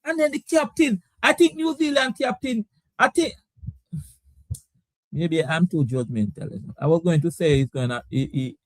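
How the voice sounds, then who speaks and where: A man's voice: high voice, expressive, moderate pace, no echo. A man hosting a casual live sports talk stream. He laughs often and reads out viewer comments. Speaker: sports talk show host.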